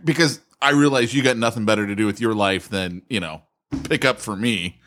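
Animated male podcast host, teasing, mock-aggrieved, laughs a lot. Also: medium pitch, normal speed. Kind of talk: casual banter.

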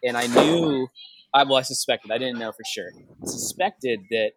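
A man's voice: medium pitch, moderate pace, very noisy. A young man hosting a casual podcast chat, telling stories with laughs along the way. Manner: laughing, animated storytelling. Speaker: podcast host.

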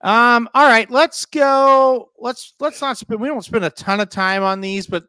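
A man with a high-pitched, smooth voice hosts a casual sports betting podcast, breezing through picks at a measured pace and asking his co-host for his take. His delivery is pushed and bright, and the recording is dry and close with no room around it.

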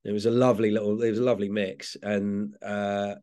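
English male comedian, low-pitched, loose chatty storyteller who laughs a lot. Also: little pitch movement, a little fast, warm tone. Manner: rambling, self-correcting, laughs often. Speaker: comedian guest. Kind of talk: casual interview chat.

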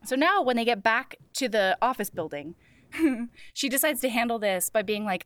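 An animated woman chatting on a podcast, recounting a plot and slipping into the characters' lines. Her voice is fairly high and swings widely in pitch. The sound is dry and close to the mic. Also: normal speed, no echo. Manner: animated retelling with quoted voices, swears freely. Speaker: podcast co-host recapping a book. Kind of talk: casual chat.

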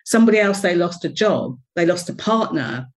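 A woman with a fairly low voice tells her story as an interview guest. She speaks candidly and expressively. Her tone is reflective. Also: animated, fairly quick. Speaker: interview guest, business coach.

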